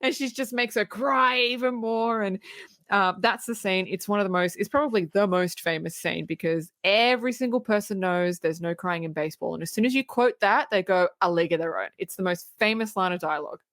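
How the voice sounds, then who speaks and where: A woman co-hosting a casual movie review podcast who retells scenes with animated laughter. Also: medium pitch, a little fast, dry recording, studio quality. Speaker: podcast co-host.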